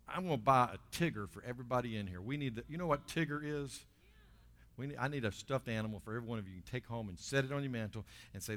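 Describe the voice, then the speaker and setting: A man preaching to his congregation. He swings from loud, lifted bursts down to quiet, low asides. His voice sits at an ordinary middle pitch. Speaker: pastor. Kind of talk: sermon.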